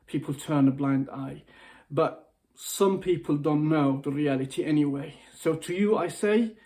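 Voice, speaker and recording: His voice runs on the high side and sounds warm. This male motivational speaker, near tears and upset, pleads in an impassioned personal video message, repeating himself and breaking off to restart phrases.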